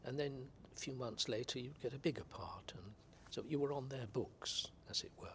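An older man from England's West Country, an actor guest reminiscing in unhurried anecdotes about his career. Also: medium pitch, a bit bright, slight background noise. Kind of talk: reminiscing interview.

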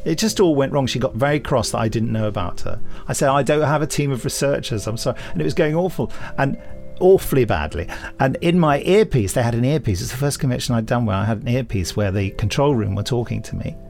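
A man's voice: mid-range voice, fast talker, creaky, faint music behind. A man hosting a podcast, telling an anecdote casually and animatedly, laughing as he goes. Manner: animated storyteller who laughs and acts out quotes. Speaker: podcast host and writer-director.

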